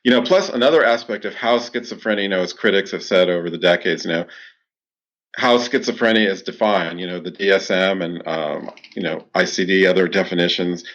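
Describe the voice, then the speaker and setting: Speaking fairly quickly in a deep voice, a clinical psychologist steadily explains his answers to an interviewer, using "you know" a lot. The recording's high frequencies are cut off.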